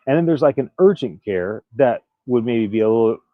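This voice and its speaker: A man's voice: medium pitch, animated, a little fast, dry recording, phone-quality sound. A man recovering from illness, earnestly telling a personal story to camera in a casual, candid way. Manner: candid, earnest, prone to restarts and little laughs. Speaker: vlogger.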